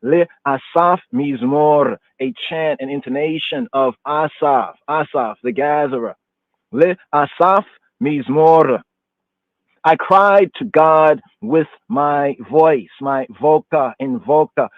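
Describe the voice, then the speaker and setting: A man reads and explains a psalm at a slow, deliberate pace, repeating phrases like a chant. His voice sits a little high. The sound is dry and narrow, as if it came over a telephone line. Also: no room sound. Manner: slow, repetitive chanting recitation. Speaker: podcast host. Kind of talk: psalm reading and teaching. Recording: tinny phone-line audio.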